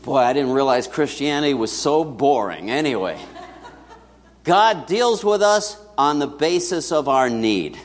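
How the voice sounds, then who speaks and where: A man's voice: mid-range voice, animated, unhurried. A man preaching a sermon to his congregation in a conversational style, with asides to the people in the room. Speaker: pastor. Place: church sanctuary. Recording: long church reverb.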